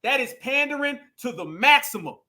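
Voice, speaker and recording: Guy ranting about politics to his viewers, high bright voice, keeps saying y'all and family. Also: expressive, normal speed. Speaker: political commentary host. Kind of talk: casual political commentary.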